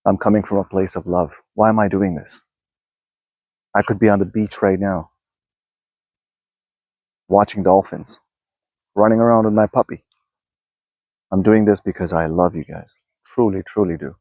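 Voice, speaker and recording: Low-voiced man musing in a backyard. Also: fairly even intonation, moderate pace, long pauses, darkish tone, dry recording, muffled recording. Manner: rambling, restarts often, talks to viewers. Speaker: self-help video host. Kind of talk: casual spoken musing to camera. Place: outdoors in a backyard.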